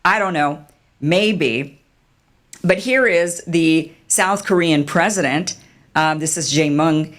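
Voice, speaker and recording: Deep-voiced woman, sarcastic, animated, online commentary. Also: slow. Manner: animated, sarcastic, mocks with put-on quotes. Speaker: political commentator.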